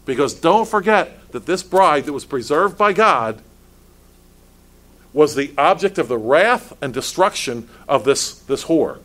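A man's voice: a little high, animated, a little slow, fairly bright tone. A male pastor preaching a sermon, asking pointed rhetorical questions and stumbling over restarts as he builds his points.

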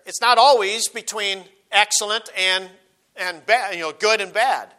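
A man's voice: high-pitched, pushed and bright. A man preaching a sermon, quoting scripture and repeating key phrases for emphasis.

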